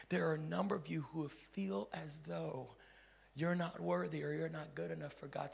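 Dynamic preaching man, shouts to whispers. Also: on the high side, fairly even intonation, normal speed, vocal fry, slight background noise. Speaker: pastor. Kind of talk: sermon. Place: church hall with a live audience.

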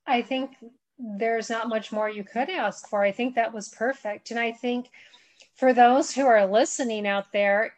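A woman's voice: on the high side, steady tone, a little slow, no echo. A woman hosting a podcast, talking earnestly in a rambling, conversational way. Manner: earnest, rambling, backs up and restarts. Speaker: podcast host.

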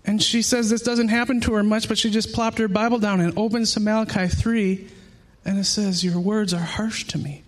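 A man's voice: high-pitched, level tone, a little fast, few pauses. A man in his thirties preaching a sermon earnestly, often repeating words as he searches for them.

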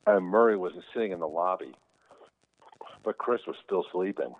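Speaking over a thin, phone-like connection, this guest shares anecdotes about his brother with plenty of animation, voicing others loudly as he quotes them. His pitch is low and a bit creaky, and he talks at a normal speed.

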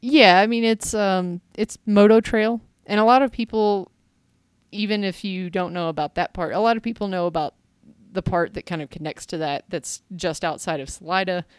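A woman's voice: mid-range voice, normal speed, clear, resonant tone, dry recording, clean studio sound. A woman co-hosting a casual podcast who laughs easily and tells rambling stories. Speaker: podcast co-host. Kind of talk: casual chat.

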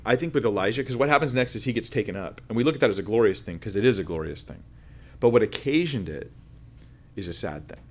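A man preaching a sermon, reading scripture aloud and explaining it in an earnest, conversational way. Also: lowish voice. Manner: conversational, earnest, with restarts and asides.

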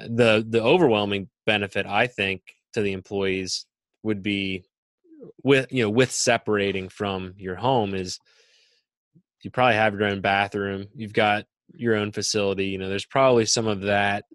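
A man's voice: on the low side, steady tone, normal speed, a bit bright, no echo. A man co-hosting a podcast, speaking casually and hesitantly with many fillers. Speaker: podcast co-host.

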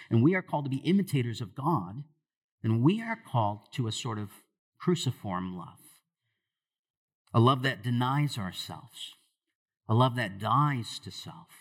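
Brief: male pastor, husky mid-range voice, relaxed conversational sermon with passionate lifts. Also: mid-range voice. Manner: conversational preaching with rising emphatic peaks.

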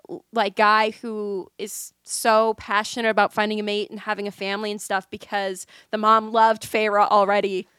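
A young woman co-hosting a podcast, chatting excitedly about fantasy book theories with lots of fillers. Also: mid-range voice, clean tone, no room sound. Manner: excited, rambling fan talk with fillers. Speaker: podcast co-host. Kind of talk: casual chat.

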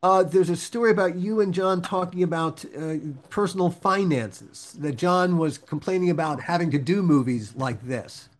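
A man's voice: sits high, moderate pace, few pauses. A man hosting a podcast interview, chatting casually, laughing often, with stop-start restarts. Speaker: podcast host.

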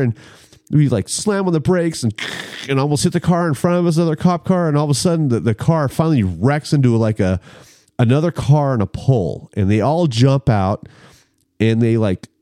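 A man telling a story in a casual chat, animated and acting out the people in it. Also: a little high, dry recording, clean studio sound.

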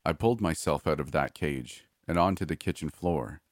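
A man narrating a first-person horror story in a measured, grim way. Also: extremely low pitch, no echo, clean studio sound.

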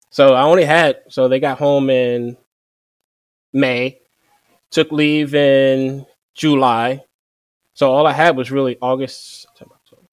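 A young man who served as a Marine, telling his story in a relaxed, conversational way and quoting people with "I'm like.". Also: mid-range voice, no room sound, studio quality. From Virginia. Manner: relaxed, repeats "I'm like" to quote himself. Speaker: interview guest, former Marine machine gunner.

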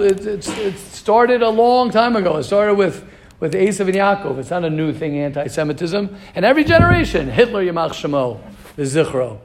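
A rabbi with a high-pitched voice leads an informal Torah class, animatedly questioning his students and weaving in Hebrew terms.

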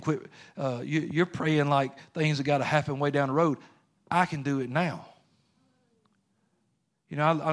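Emphatic male preacher, repeating himself. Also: mid-range voice. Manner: repetitive, emphatic, rhetorical questions, casual speech. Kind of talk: sermon.

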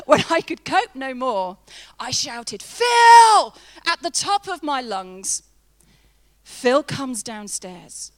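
Woman preacher, high voice, chatty and emphatic sermon delivery. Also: sharp tone. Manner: chatty, humorous, laughs often, emphatic. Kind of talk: sermon with personal story.

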